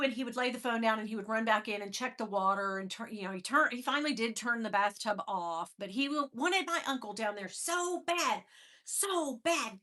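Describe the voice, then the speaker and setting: A woman's voice: on the high side, normal speed, sharp tone. A woman host on a livestream, telling a personal story to her viewers in a candid, emotional, casual way, with some swearing and greetings to the chat.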